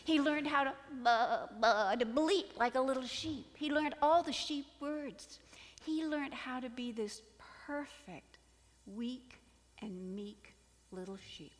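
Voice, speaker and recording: A woman preaching a sermon, telling a fable in an expressive storytelling manner with dramatic swings in volume. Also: high voice, takes it slowly, big-room sound, slight background noise.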